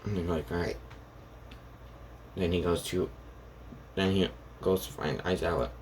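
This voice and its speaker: A man telling a made-up fan story off the cuff, rambling and halting, voicing the characters' lines as he goes. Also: deep voice, a little hiss or hum. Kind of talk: improvised fan story narration.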